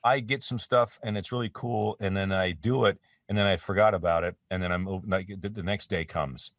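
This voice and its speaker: Here the Canadian voice actor, a guest on a casual interview from his home studio, has a deep, steady, slightly bright voice and a brisk pace. He rambles, pokes fun at himself and restarts a lot, captured on a dry, somewhat distant mic without echo.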